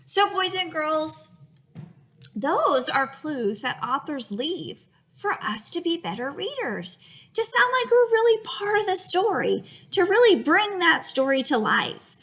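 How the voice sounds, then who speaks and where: A woman teacher giving an animated reading lesson to young children, using an exaggerated, expressive voice. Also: very high-pitched, a little slow.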